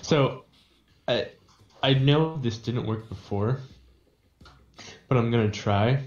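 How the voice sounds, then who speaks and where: A man playing in a tabletop game who talks in a relaxed way. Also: medium pitch, slow. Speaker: player. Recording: echoey muffled room.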